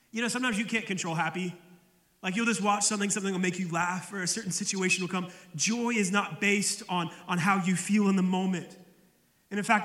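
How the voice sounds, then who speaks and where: A man's voice: high-pitched, bright, forceful tone, reverberant, big-room sound. A male pastor preaching a sermon in a conversational way, often repeating words as he starts a phrase.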